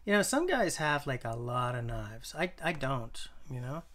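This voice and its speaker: A man's voice: medium pitch, very animated, moderate pace, fairly bright tone. A man from Canada hosting a casual live stream, rambling and thinking aloud as he reads and answers viewers' chat. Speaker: livestream host.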